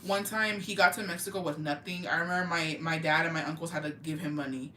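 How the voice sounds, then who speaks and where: A woman's voice: low-pitched, steady tone, fast, pushed and bright, a little hiss or hum. A woman from Texas telling stories in casual chat, profane and gossipy, mixing in Spanish words. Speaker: livestream host. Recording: roomy echo.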